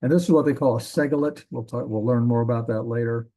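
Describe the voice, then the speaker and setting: A man teaching a classroom lecture in a relaxed, rambling way, with frequent ums and self-corrections. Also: mid-range voice, quick pace. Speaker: Hebrew teacher.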